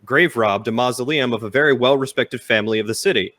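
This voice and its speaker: Guy role-playing at a tabletop game, calm and steady, mid-pitched, dry audio. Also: fast talker, dry recording. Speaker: player.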